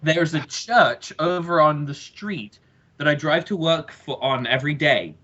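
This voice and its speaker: A man co-hosting a podcast, telling a story in casual chat, excitable and swearing often. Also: on the high side, measured pace. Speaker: podcast co-host. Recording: dull lo-fi podcast audio.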